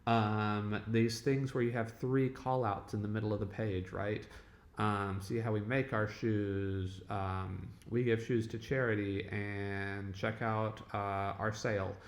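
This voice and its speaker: A web development instructor with a fairly low, flat voice speaks slowly in an echoey room. His lecture is casual and conversational, and he keeps checking in with "okay?" and "right?".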